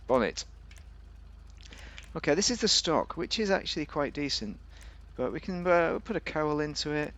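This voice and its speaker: A man's voice: on the high side, lively intonation, moderate pace, a bit bright. Chatty man reviewing a game car. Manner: chatty, rambling, jokey. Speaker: game video host.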